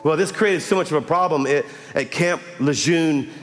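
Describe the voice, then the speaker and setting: A man delivers a sermon from the pulpit, his voice sitting a bit high and climbing into shouted exhortations. He tells stories casually, then calls out to the congregation for response. The sound carries a long church reverb with soft piano and a faint crowd behind. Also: normal speed. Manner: builds to shouted, rising exhortation with call-and-response. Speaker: pastor. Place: large church sanctuary with audience.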